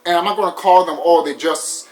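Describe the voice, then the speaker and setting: Man, fairly high voice, loose rambling wrap-up to a gaming video, lots of ums. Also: fairly even intonation, brisk, a little mellow, soft background music, poor audio. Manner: rambling, hesitant, many fillers and restarts. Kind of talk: casual video outro talk.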